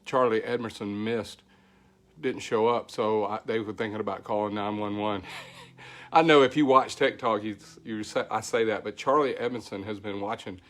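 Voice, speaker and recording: A middle-aged man with a Southern country accent, slightly hoarse from a voice that is still recovering, chatting casually as the host of a weekly tech livestream and greeting viewers by name. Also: lowish voice, steady tone, moderate pace. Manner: rambling, folksy, thankful, greets viewers by name.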